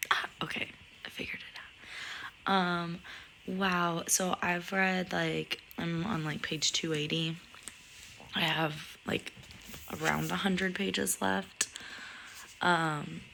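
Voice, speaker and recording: A woman talks in a hushed, giddy way, often slipping into a whisper. Her voice is low with a gravelly fry. She records from a dark room at night. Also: a little hiss or hum. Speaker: book vlogger. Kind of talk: casual chat.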